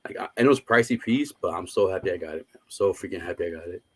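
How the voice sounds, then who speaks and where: Casting: relaxed man, lowish voice, casual collector chat over a video call. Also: very fast, husky, dry recording. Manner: easygoing, says "man" a lot. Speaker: collector, stream guest.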